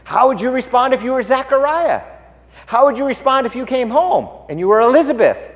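A man's voice: very high voice, a little fast. Guy preaching a sermon, voice all over the place, big reverby hall. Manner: animated, swings from loud to hushed.

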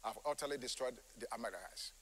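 A man's voice: medium pitch, fast talker, a bit bright, long reverb tail, slight background noise, pitched below the performer's own voice, lightly acted, low-quality recording. A man voicing a defensive male king who argues and shifts the blame. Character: defensive male king arguing his excuses.

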